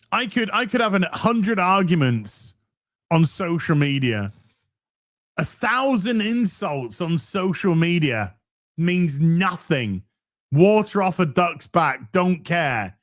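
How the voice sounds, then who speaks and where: A man hosting a live stream who chats casually to his viewers, swearing freely and often restarting his phrases. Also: fairly high pitch. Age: middle-aged. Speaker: livestream host.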